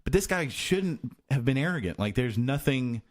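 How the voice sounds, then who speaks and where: A man co-hosting a casual podcast, talking at a middle pitch. He rambles along with many restarts and fillers, circling back to his point. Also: lively intonation, normal speed. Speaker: podcast co-host. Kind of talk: casual chat.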